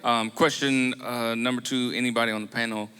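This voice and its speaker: Smooth-voiced moderator in an echoing hall. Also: male voice, medium pitch, level tone, brisk, pushed and bright. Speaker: panel moderator. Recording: echoey hall with long reverb.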